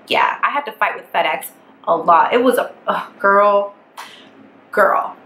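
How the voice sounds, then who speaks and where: Young woman ranting through a bright, echoey storytime. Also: mid-range voice, measured pace. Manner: animated, profane, exasperated storytelling. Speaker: vlogger. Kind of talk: casual storytime vlog. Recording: echoey room with faint background hiss.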